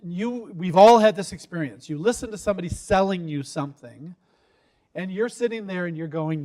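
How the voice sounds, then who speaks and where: A middle-aged man, an investor, giving pitch advice in a lively workshop talk, quizzing his audience and acting out quotes. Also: normal speed.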